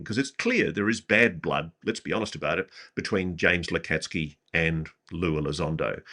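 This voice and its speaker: A man, a guest giving measured, hedging commentary that turns blunt at times. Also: low-pitched, a bit bright. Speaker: interview guest. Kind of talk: speculative interview commentary.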